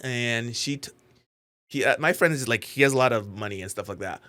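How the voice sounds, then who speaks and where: A man talking casually as a YouTuber in a reaction vlog, rambling and animated, with many "like"s. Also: medium pitch, brisk. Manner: rambling, animated, heavy use of "like".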